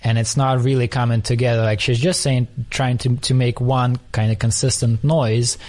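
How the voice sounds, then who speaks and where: A man's voice: medium pitch, level tone, normal speed, darkish tone. A man in casual conversation, telling a story thoughtfully, often restarting as he searches for words. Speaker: podcast conversation partner.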